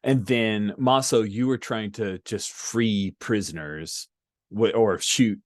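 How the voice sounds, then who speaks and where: A man runs a tabletop role-playing game in an easygoing, chatty way, often checking that his players are on board. His voice sits low and sounds dry and close. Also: slow pace, dry recording. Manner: casual, chuckling, checks in with players. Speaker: game master. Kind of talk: running a tabletop game online.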